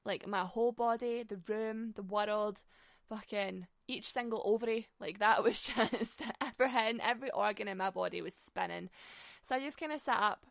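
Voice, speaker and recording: A woman's voice: mid-range voice, moderate pace, gravelly, dry recording, studio quality. A young woman telling a funny story in a chatty way, swearing freely and laughing often. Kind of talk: casual storytelling monologue.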